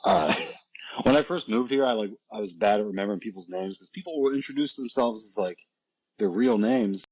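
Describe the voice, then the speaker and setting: A man's voice: lowish voice, fairly quick, husky, low-quality recording. A man, a professional wrestler guest on a podcast, chatting casually in a joking, self-deprecating and rambling way.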